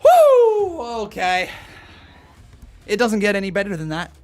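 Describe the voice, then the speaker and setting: A man hosting a wrestling watch-along stream, reacting with excitement and reading out viewers' chat messages. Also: high-pitched, moderate pace, soft background music. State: out of breath. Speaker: live-stream host.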